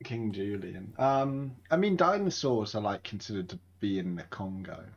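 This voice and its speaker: A man's voice: lowish voice, sing-song, moderate pace, slight background noise. A man co-hosting a casual podcast brainstorm, rambling and hesitant, restarting his sentences. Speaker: co-host. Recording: dull lo-fi mic.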